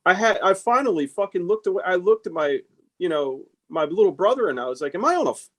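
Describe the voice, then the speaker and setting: A man hosting a casual podcast talks bluntly and with emphasis. He swears freely and tells stories in a loose, conversational way. His voice is somewhat high for a man. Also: fairly quick. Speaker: podcast host, tattoo artist.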